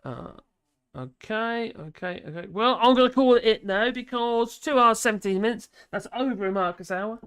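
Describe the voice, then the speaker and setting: A man's voice: sits high, moderate pace, fairly bright tone, smooth. A man hosting a live stream, reading news and viewer comments aloud in a wry, chatty way and laughing often. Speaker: livestream host reading news and chat. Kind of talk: casual live-stream chat.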